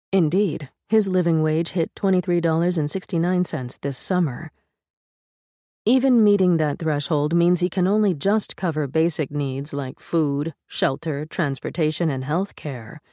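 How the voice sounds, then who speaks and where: Woman narrator with a low voice and dry, close sound; steady, measured delivery of a long-form article. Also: no echo. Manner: measured, steady reading with a first-person reporter voice. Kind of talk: scripted narration.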